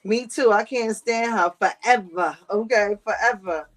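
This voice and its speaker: A woman's voice: medium pitch, unhurried. A woman hosting a livestream, reading chat comments and gossiping in a sassy, slangy way with frequent laughter.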